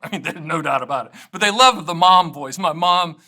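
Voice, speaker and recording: Bright, lively middle-aged agent. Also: male voice, a little high, brisk. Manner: energetic, joking, digressive. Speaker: annuity agent. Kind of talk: casual direct-to-camera talk.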